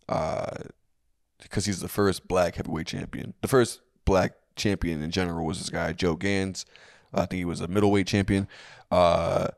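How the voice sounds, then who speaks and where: A deep, gravelly young man spins a history story in a loose, joking podcast chat, stumbling and restarting as he goes. His voice sits close and dry, with no room around it. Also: no echo. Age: young adult. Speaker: podcast co-host. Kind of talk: casual comedic history chat.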